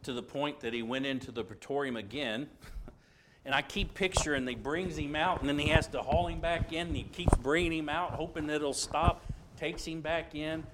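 A man teaching an informal Bible lesson, retelling the scene in a conversational way with restarts and asides, moving between loud passages and hushed ones. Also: a little high, moderate pace, background noise.

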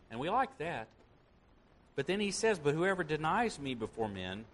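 A man's voice: mid-range voice, fairly bright tone, a little hiss or hum. A man preaching a sermon, reading scripture aloud with earnest, rising emphasis.

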